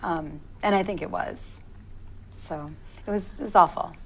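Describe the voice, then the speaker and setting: A woman in her thirties, a guest in an interview, telling a personal story in a halting, reflective way with many restarts. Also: lowish voice, husky, low-quality recording.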